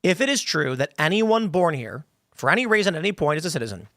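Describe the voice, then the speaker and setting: A man hosting a panel talk show, laying out a long hypothetical scenario with animated delivery. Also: on the high side, quick pace, no room sound, clean studio sound. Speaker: show host.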